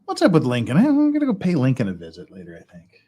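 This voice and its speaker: Lively-voiced man hosting a chatty stream. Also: medium pitch, quick pace. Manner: rambling, chuckling, thinks aloud while counting pieces. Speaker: stream host. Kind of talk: casual livestream chat while building Lego.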